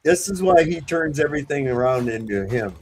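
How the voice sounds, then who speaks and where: A man's voice: on the high side, expressive, fairly quick, slightly rough. A man on a discussion panel chatting casually about politics, profane and scornful.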